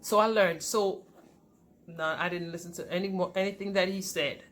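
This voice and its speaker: A woman vlogger telling her own relationship story to her viewers, candid and conversational, with sharp jumps in pitch and loudness as her feelings rise. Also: fairly even intonation, moderate pace. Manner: pitch and volume swing widely with emotion. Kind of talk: personal storytelling to camera.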